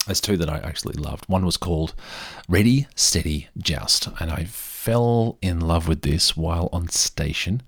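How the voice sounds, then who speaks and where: A man tells casual, rambling stories to his listeners, often mocking himself. His voice sits very low, with a gravelly fry and a husky grain. It is recorded dry and close. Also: measured pace, no room sound. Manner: rambling, self-deprecating, animated. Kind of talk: casual storytelling monologue.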